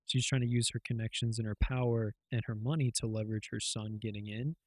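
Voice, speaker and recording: A man's voice: mid-range voice, steady tone, fast talker, no room sound. A man co-hosting a podcast, retelling things in a loose, rambling way with lots of fillers and swearing. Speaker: podcast co-host. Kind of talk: casual chat.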